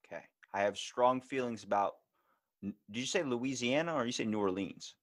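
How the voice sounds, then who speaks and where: A podcast host with a Baltimore accent, talking casually and playing out his stories with sudden leaps in pitch. His mid-range man's voice sounds close and dry, with no room around it. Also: fairly quick, dry recording. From Baltimore, USA. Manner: animated storyteller, acts out quotes with big pitch jumps.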